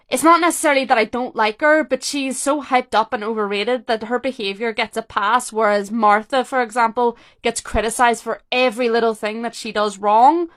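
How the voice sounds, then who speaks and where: Young female vlogger, fairly high pitch; chatty, emotional fan with quick self-interrupting restarts. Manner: excitable, talks fast with restarts and self-interruptions. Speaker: vlogger reacting to a TV rewatch. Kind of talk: casual chatty reaction commentary.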